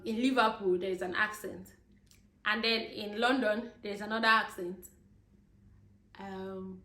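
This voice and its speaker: A young woman vlogging in a casual rant, calling her viewers guys and laughing as she goes. Her voice sits slightly high. The room echoes noticeably around her. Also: a bit bright. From Nigeria. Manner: chatty, laughing asides, addresses viewers as guys.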